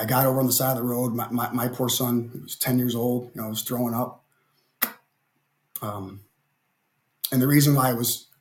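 A middle-aged man from Ohio, a podcast guest telling a story animatedly with stammering restarts. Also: medium pitch. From Ohio, USA. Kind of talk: conversational interview.

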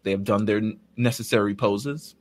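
A man co-hosting a casual fan podcast, laid-back and quick to laugh as he retells scenes. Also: on the low side, darkish tone. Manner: laid-back, laughs often, acts out characters' lines. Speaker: podcast co-host.

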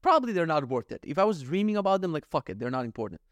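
Man, solo podcast host, slightly higher voice, jokey rambling delivery full of swearing, dry close-miked sound. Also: big pitch swings, racing, dry recording. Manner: rambling, jokey, swears freely, acts out little scenes. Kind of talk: casual solo podcast monologue.

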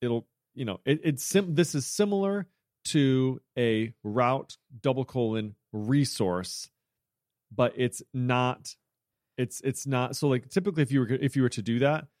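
A man's voice: mid-range voice, measured pace, darkish tone, no echo, studio quality. A man hosting a podcast who explains programming features in a chatty way, correcting himself and joking along the way. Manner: chatty, self-correcting, jokey asides. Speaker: podcast host. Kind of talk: casual technical chat.

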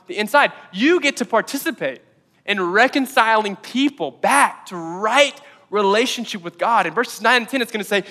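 A man preaching a sermon as pastor, energetic and quick to joke in asides. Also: high voice, long reverb tail. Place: church auditorium.

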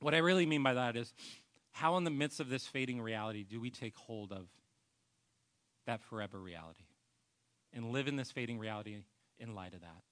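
A male pastor preaching a sermon with earnest personal storytelling, often trailing off into a soft, low voice. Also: a little fast, long pauses.

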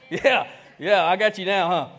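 A man with a high, slightly rough voice preaches an animated, conversational sermon. He plays out dialogue, moves suddenly between hushed and loud, and chuckles frequently as he addresses the congregation.

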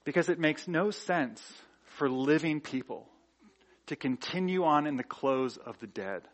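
A man's voice: a little high, animated, measured pace. A man preaching a sermon in a church, talking in a conversational way with rhetorical questions and frequent filler words. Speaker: pastor.

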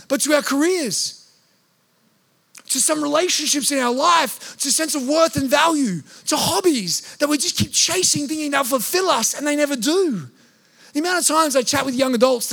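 A man's voice: very high-pitched, a bit bright. A man, preaching a sermon as a pastor, earnest, and at times acting out prayers in a pleading voice. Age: 30s.

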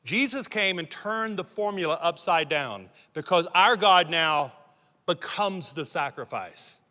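A man's voice: high-pitched, lively intonation, a little slow, bright, forceful tone. A middle-aged American man preaching a sermon as pastor, emphatic and building lists of repeated phrases. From United States. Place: church sanctuary. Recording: long reverb of a large hall.

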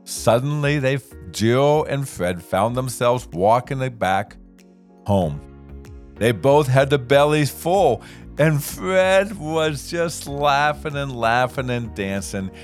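A man telling a children's story in a gentle, unhurried, expressive way. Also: medium pitch, faint music behind.

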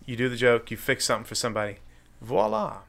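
Man in mid-pitch, chatty podcast guest. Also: level tone, rapid-fire, fairly bright tone. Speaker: guest, political candidate. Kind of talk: casual chat.

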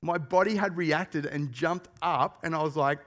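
A man preaching with a somewhat raised pitch, telling a story with animation. He keeps putting questions to his listeners as he delivers the sermon. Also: moderate pace. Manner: animated storyteller who asks the congregation questions. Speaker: pastor.

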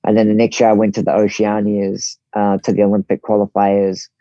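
A relaxed man with a New Zealand accent, chatting as a podcast guest. His voice sits low and mellow, recorded close and dry. The sound is a little dull and lo-fi. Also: brisk, no echo. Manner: relaxed, easygoing, voices others' quotes in his telling. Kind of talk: casual storytelling interview.

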